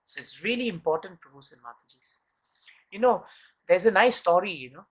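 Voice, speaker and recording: In a low-quality recording, a man teaches a devotional scripture class earnestly, peppering listeners with rhetorical questions and repeating words for emphasis. His storytelling slows and speeds up, with phrases that often trail off. His high voice is expressive, a bit bright, and slightly rough.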